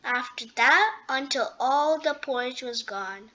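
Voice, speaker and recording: A woman reading a children's storybook aloud, gentle and expressive. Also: high voice, unhurried, lo-fi sound. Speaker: storybook reader. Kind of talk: children's read-aloud narration.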